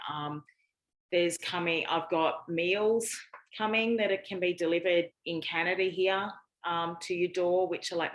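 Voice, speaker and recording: A woman's voice: on the low side, fairly bright tone, low-quality recording. Woman, Australian accent, podcast guest, chatty, frank, casual interview chat. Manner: chatty, frank, with frequent fillers.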